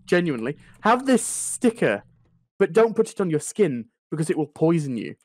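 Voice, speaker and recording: A man putting on the voice of an odd, earnest roofer who speaks slowly and deliberately. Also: a little high, big pitch swings, darkish tone, no echo. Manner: slow, deliberate, oddly earnest.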